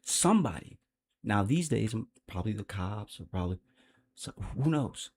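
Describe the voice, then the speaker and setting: A man's voice: fairly low pitch, very animated, normal speed, darkish tone, slightly rough. A man hosting a livestream, giving unscripted commentary in a blunt, profane, rambling way. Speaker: livestream host.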